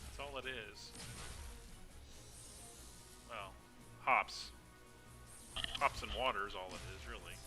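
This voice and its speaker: A man's voice: on the low side, slow pace, long pauses, music in the background. A man chatting casually and laughing often while live-streaming a game.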